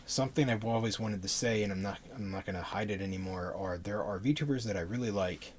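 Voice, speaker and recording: A man with a very deep voice rambles passionately to his stream at a fairly quick pace, breathless and tripping over restarts. Faint hiss can be heard beneath his desk mic.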